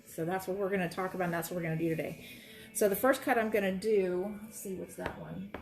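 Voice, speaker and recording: A woman's voice: lowish voice, fairly even intonation, fast, vocal fry, soft background music. A woman teaching quilting in a casual demonstration, chatty and reassuring as she talks while she works at her sewing station. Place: sewing room, moving between workstations.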